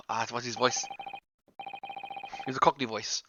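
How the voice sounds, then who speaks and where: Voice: mid-range voice, flat delivery, measured pace, long pauses, dull audio. A streamer commenting and joking through a courtroom game, with game music behind. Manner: swearing, laughing asides. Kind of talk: let's play reaction commentary.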